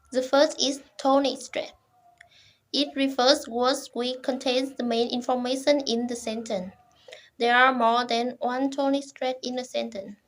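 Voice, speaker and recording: A young woman presents to her class. Her voice sits high, and she reads slowly and formally in short, halting phrases. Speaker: student presenter.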